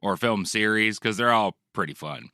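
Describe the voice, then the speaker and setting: A man's voice: lowish voice, expressive, moderate pace, bright, forceful tone, no room sound, clean studio sound. A man co-hosting a casual podcast, playful and emphatic, swearing freely. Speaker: podcast co-host.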